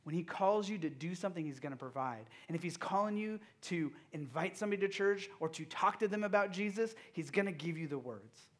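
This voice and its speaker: A man with a fairly high voice preaching a sermon to young people. He keeps asking his listeners questions and moves between punchy, loud stresses and soft, hushed passages. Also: fairly quick, few pauses. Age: young adult or middle-aged father of a toddler. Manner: engaging, asks the audience direct questions; swings between loud emphasis and hushed, quiet moments. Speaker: youth pastor.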